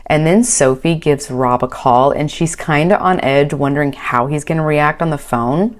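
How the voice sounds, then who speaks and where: A deep-voiced woman recaps a reality show at a moderate pace, speaking casually into a home recording mic. Chatty with a wry edge, she quotes people using bouncy voices.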